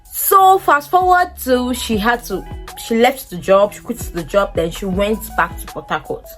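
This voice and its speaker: A young woman with a Nigerian English accent telling a personal story to her vlog audience, lively and acting out what people said. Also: a little slow, soft background music. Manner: animated, acts out quoted dialogue in a much higher voice. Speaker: vlogger. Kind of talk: casual storytelling.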